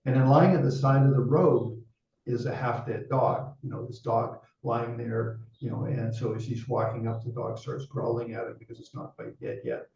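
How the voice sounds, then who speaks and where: Gravelly man telling a dharma story. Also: mid-range voice, steady tone, normal speed, mellow. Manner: chatty, frequent "you know" asides. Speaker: Buddhist teacher. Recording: roomy, distant, dull sound.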